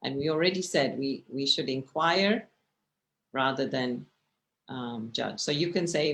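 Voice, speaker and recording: A woman meditation teacher giving a relaxed talk with slides, speaking in a conversational way that often checks in with the listener. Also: a bass voice, a little slow. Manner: expressive, gestures while speaking.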